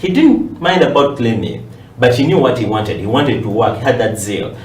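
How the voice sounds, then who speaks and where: A man's voice: mid-range voice, expressive, moderate pace, a little mellow, distant mic. A man hosting a casual interview, who encourages his guest and prompts him with short questions. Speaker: interviewer host. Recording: roomy, off-mic sound.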